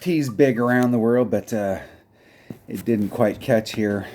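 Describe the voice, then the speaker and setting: A man's voice: lowish voice, a little slow, dark tone, a little hiss or hum. An American man chatting casually while gaming, making self-deprecating jokes. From United States. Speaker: mobile game player.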